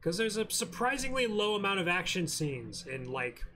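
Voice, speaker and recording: Casual podcast co-host, male, high bright voice, lively and laughing. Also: moderate pace, slight background noise. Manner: animated, laughs often, acts out quotes. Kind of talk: casual chat about anime.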